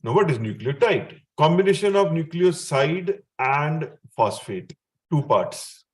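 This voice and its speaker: A man's voice: fairly high pitch, sing-song, a little slow. A man with an Indian English accent teaching a chemistry lesson, explaining step by step and often checking in with his student. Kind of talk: explanatory classroom lecture.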